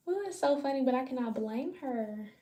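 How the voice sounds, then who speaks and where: A woman's voice: high-pitched, dark tone. A woman livestreaming, chatting casually with her viewers while she braids her hair. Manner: loose, chatty, talks to viewers. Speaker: livestream host. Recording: roomy echo.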